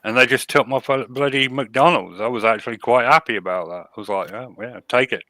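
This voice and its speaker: A man's voice: mid-range voice, fairly quick, pushed and bright, no room sound. A man co-hosting a podcast, sardonic and given to ranting in casual chat. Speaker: podcast co-host.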